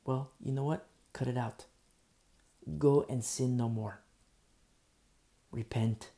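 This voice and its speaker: A man preaching a sermon as pastor, emphatic and repetitive, swinging between loud bursts and hushed asides. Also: mid-range voice, steady tone, takes it slowly. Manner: repetitive, with frequent fillers.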